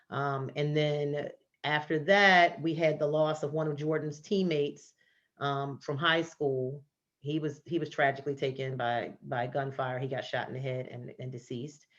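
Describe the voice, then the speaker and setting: A woman hosting a virtual book launch, sharing her grief over a son's death in a halting way with repeated words, over a video call. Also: rumbling low. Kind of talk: emotional personal sharing. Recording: dull lo-fi video call audio.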